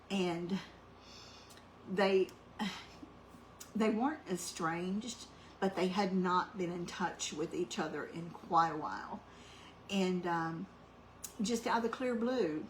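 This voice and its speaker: A middle-aged woman telling a heartfelt personal story in a soft, meandering way, full of ums, growing louder when she gets excited. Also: lowish voice, slight background noise, low-quality recording. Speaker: cooking channel host.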